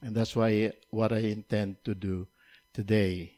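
A man preaching a sermon, who repeats key points and builds from quiet, measured teaching to raised, emphatic preaching. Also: lowish voice, little pitch movement.

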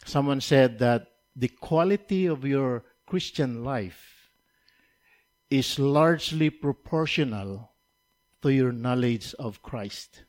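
A man preaching a sermon, who repeats key points and builds from quiet, measured teaching to raised, emphatic preaching. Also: mid-range voice.

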